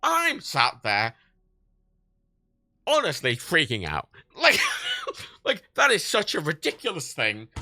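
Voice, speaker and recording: Animated man with a gravelly voice. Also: fairly high pitch, slow, long pauses, no room sound, studio quality. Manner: animated storytelling, swears a lot, laughs often. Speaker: livestream host. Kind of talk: casual livestream chat.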